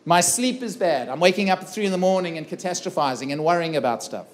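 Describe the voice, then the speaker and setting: High-voiced middle-aged male speaker. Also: animated, quick pace. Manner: earnest, dramatic retelling with acted-out dialogue. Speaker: keynote speaker. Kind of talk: personal storytelling talk. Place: festival stage before a live audience.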